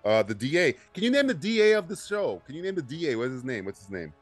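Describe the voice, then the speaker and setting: A man's voice: on the high side, sing-song, quick pace, faint music behind. A man hosting a casual TV commentary podcast, bantering loosely and swearing, quizzing his co-hosts. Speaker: podcast host.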